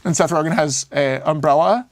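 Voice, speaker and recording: A man, a screenwriter, talking casually in an interview and acting out scenes as he pitches a film. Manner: animated storyteller who acts out scenes; speaks in fast bursts with many "like" fillers.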